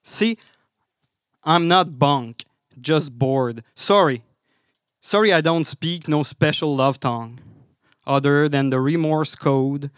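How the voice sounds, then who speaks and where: A man's voice: on the high side, slow, smooth, no echo, clean studio sound. A man with a French Canadian accent performing spoken word poetry on a live stage, with a wry, apologetic, rhythmic delivery.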